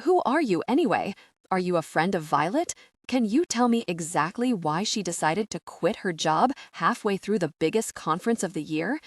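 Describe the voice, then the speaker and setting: A woman's voice: fairly low pitch, expressive, normal speed, dry recording, studio quality. A woman reading the lines of a bossy, bad-tempered businessman in an audiobook, curt and demanding as he barks orders.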